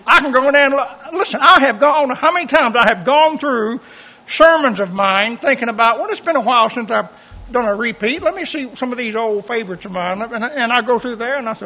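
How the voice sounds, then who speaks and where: A man preaching a sermon, folksy and animated, with joking asides. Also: very high voice, normal speed, muffled recording. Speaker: pastor.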